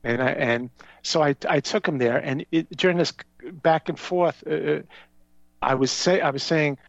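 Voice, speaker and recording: A man's voice: fairly high pitch, normal speed, creaky, no echo. A man talking as a show guest, telling rambling stories that jump from one tangent to the next. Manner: animated, tangential, conspiratorial storyteller. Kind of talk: rambling conversational storytelling. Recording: dull lo-fi sound.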